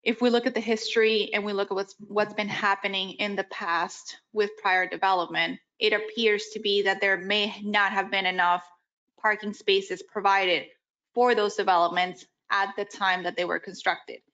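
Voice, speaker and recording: A woman at a mid pitch speaks with a voice that is going hoarse. She talks in a measured, conciliatory way at a desk microphone in a municipal meeting room. The audio is slightly dull. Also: level tone, fairly bright tone. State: losing her voice. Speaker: city board member. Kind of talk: public meeting discussion.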